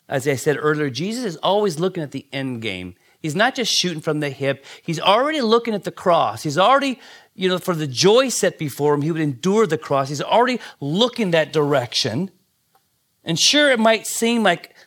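Middle-aged pastor guy preaching, kinda high voice, acts out the quotes, goes quiet for asides. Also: very animated, moderate pace. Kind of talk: sermon.

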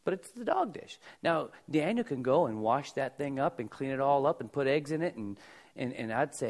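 A man's voice: mid-range voice, animated, normal speed. Conversational middle-aged man preaching a sermon. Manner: conversational, folksy preaching with asides to the congregation. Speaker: pastor.

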